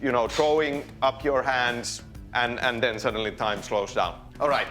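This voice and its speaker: A man showing a visitor around a game studio, explaining and directing her in a calm, patient, instructive way. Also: medium pitch, moderate pace, faint music behind.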